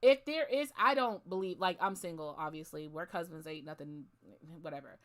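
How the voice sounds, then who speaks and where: A woman's voice: fairly low pitch, moderate pace. A woman co-hosting a podcast, chatting animatedly and trailing off with casual asides. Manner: animated storytelling, trails off with "whatever". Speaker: podcast co-host. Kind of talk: casual chat.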